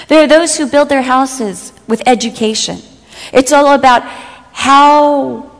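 Woman preaching in a reverberant hall. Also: fairly high pitch. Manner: storytelling, acts out quoted friends with humor. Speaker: speaker giving a talk to women. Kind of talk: sermon with personal stories.

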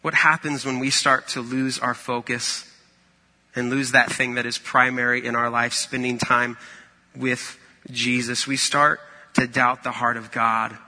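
A man's voice: mid-range voice, little pitch movement, unhurried, bright, forceful tone, long reverb tail. A man preaching a sermon in a conversational, storytelling way. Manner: conversational, storytelling with acted-out quotes.

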